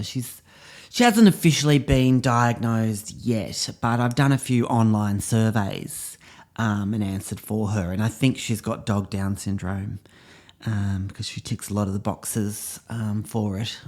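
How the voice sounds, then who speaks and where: A man's voice: mid-range voice, a little mellow. A man in character as a self-important drama teacher, musing aloud in a rambling monologue. He pads his talk with ums and little asides, sure of his own expertise. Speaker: drama teacher character hosting a comedy podcast. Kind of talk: scripted comedy monologue in character.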